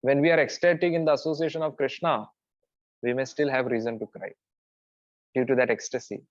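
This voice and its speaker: An earnest man gives a devotional talk in a mid-pitched voice. He laughs softly and restarts his phrases now and then. The recording is dry and a bit dull, with a lo-fi edge. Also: fairly even intonation, a little fast, no echo. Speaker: preacher.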